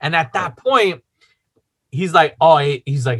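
A man's voice: on the high side, expressive, a little slow, husky. A man casually telling a long personal story, rambling with lots of fillers and swearing.

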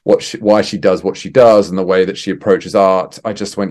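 A man, a theatre director guest on a remote podcast interview, speaking thoughtfully with halting restarts. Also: low-pitched, fairly even intonation, a little mellow. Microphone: remote call.

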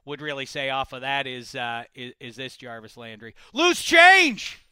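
A man hosting a comedy interview segment, playful and mock-serious, breaking into loud exclamations. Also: mid-range voice, steady tone, moderate pace, clean tone, no echo. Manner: jokey, bursts into loud exclamations. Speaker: comedy show host.

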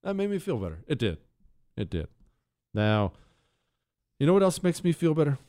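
A man's voice: fairly high pitch, sing-song, normal speed, dark tone, dry recording. A man hosting a talk show, ranting sarcastically in a casual monologue into a studio microphone. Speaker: radio talk show host.

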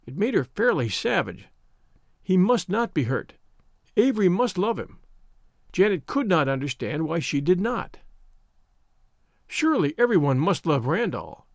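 A man reads a storybook aloud as an audiobook narrator. His voice sits somewhat high and moves with lively pitch. The recording is close and dry. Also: dry recording.

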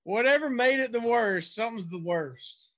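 Male podcast host, high-pitched, easygoing prompter who laughs a lot. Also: expressive, fairly bright tone. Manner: laughs often, prompts the guest with quick asides. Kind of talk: casual interview chat.

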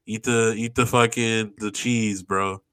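A man's voice: fairly low pitch, steady tone, unhurried, fairly bright tone, smooth. A man in casual, profane chat, laid-back and heavy on slang, talking as a podcast co-host.

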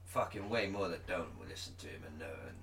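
A man's voice: low-pitched, animated, fast talker, fairly bright tone, echoey room, distant mic. A man co-hosting a podcast in casual chat, rambling and sweary, often trailing off mid-thought. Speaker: podcast co-host.

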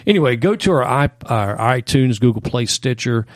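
A man's voice: medium pitch, expressive, normal speed, no echo. A man hosting a casual podcast, laid-back and rambling a little as he talks. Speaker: podcast host.

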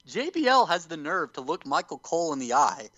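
A man hosting a podcast, telling a story with animated enthusiasm in casual chat. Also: fairly high pitch, moderate pace, dry recording, rough recording. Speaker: podcast host.

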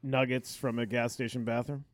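A man's voice: mid-range voice, little pitch movement, normal speed, no room sound. A man bantering as a podcast co-host, tossing out joking bets. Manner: joking, feeds hypotheticals, laughs along. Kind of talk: casual banter.

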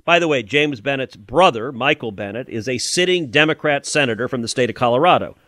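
Middle-aged man, political commentary, emphatic and scornful, dry close sound, mid-pitched voice. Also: lively intonation, a little fast, a bit bright, dry recording. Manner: emphatic and scornful, rising to indignant mockery. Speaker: senator and podcast host.

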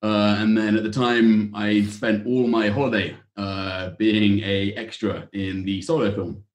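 A man's voice: fairly low pitch, level tone, a little slow, roomy sound. A man, a guest calling into a podcast over a video call, chatting in a friendly way. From England. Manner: friendly, laughing. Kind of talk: casual chat. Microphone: video call with headphones.

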